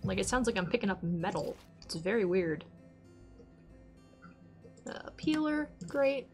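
A woman's voice: mid-range voice, expressive, measured pace, faint music behind. A woman streaming a game, chatting casually to herself and her viewers and getting exasperated now and then. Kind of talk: casual let's-play chat.

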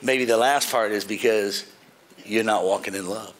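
In a lowish voice at normal speed, a male pastor delivers a sermon sprinkled with humor. Loud praise lines give way to quiet, wry asides aimed at the congregation.

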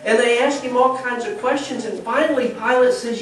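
A man preaching a storytelling sermon in church, animated, acting out the voices of the people in the story. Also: extremely high pitch, a little fast, recorded from a distance. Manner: animated, acts out quoted voices. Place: church sanctuary. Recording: echoey church recording from afar.

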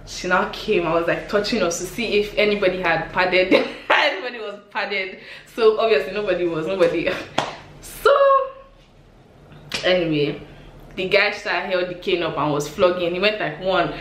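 A woman in her twenties with a Nigerian accent, telling embarrassing stories on her vlog in an animated, exclamatory way, laughing often. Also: fairly low pitch, normal speed. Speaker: vlogger. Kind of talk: storytime vlog. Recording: echoey room with faint hiss.

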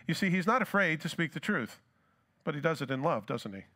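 A man's voice: a little high, big pitch swings, brisk, sharp tone. A pastor preaching a sermon who asks his congregation rhetorical questions and acts out scripture dialogue.

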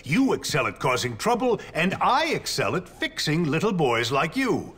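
A pompous older headmaster who talks down to a troublesome pupil in low, clipped tones. He is formal and menacing beneath his politeness. He sounds like a character from a video game cutscene. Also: sing-song, normal speed, a bit bright, slightly rough, heavily acted. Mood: stern. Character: stern older male school headmaster, pompous and threatening.

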